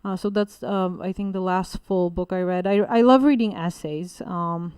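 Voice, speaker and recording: A woman's voice: lowish voice, fairly even intonation, normal speed, darkish tone, smooth, dry recording. A Bulgarian woman, a literary translator, talking casually in an interview in English, rambling with many fillers and restarts. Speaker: guest writer and literary translator.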